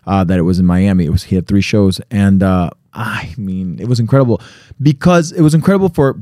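A man's voice: low voice, a little fast, dark tone, dry recording, clean studio sound. A man co-hosting a podcast in casual chat, laughing often and mixing in Spanish phrases. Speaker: podcast co-host.

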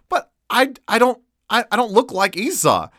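A man's voice: high-pitched, very animated, slow pace, fairly bright tone, dry recording, clean studio sound, pitched above the performer's own voice, heavily acted. A man voicing a nervous younger son who stammers and hesitates over a risky plan.

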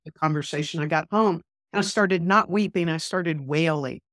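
A woman's voice: low-pitched, normal speed, no room sound, clean studio sound. Earnest woman minister telling a story. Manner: animated, vivid retelling that acts out quoted dialogue. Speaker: podcast guest. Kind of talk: personal storytelling in an interview.

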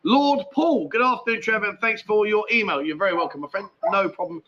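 A man's voice: high-pitched, a little fast, bright, forceful tone, highs cut off, slight background noise. A man hosting a live stream chat show from home, rambling casually through viewer comments, swearing freely and laughing often. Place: at home with a dog nearby.

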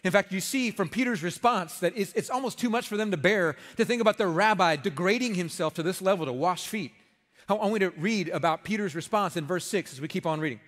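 A man's voice: high voice, fast, a bit bright, big-room sound. A man preaching a sermon in a conversational, emphatic way, with folksy humor. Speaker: pastor.

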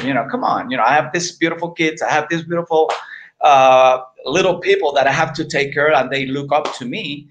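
A middle-aged man speaking as an interview guest, earnest and halting, often repeating words as he searches for them. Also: a little high, a bit bright, a little hiss or hum. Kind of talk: candid personal interview.

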